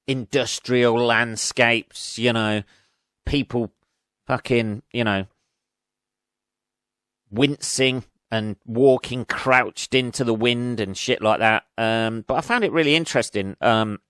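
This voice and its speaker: On his own podcast, a comedian delivers a rambling, casual monologue full of swearing and self-mockery. He talks at a slow pace in a smooth, medium-pitched voice that's a bit bright, recorded dry through a studio podcast mic at studio quality.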